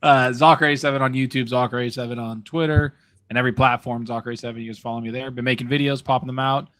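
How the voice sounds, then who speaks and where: A man's voice: mid-range voice, steady tone, quick pace, fairly bright tone, dry recording. A man on a gaming podcast as a guest, blunt and brash, swearing freely. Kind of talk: casual gaming podcast chat.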